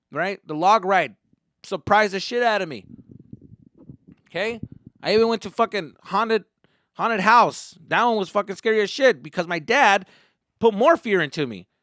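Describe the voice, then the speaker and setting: A male comedian hosting a podcast, telling a comic story in an animated, profane way and acting out quotes. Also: sits high, no room sound, studio quality.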